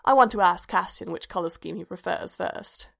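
A woman reading aloud voices a precise, formal male droid in a storybook reading, keeping his lines flat and matter-of-fact. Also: lowish voice, moderate pace, vocal fry, heavily acted. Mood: deadpan.

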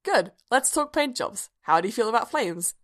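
A woman's voice: fairly high pitch, animated, moderate pace, pitched above the performer's own voice, close to an everyday voice. A woman voicing a cheerful, playful young man in a storybook reading, light and amused.

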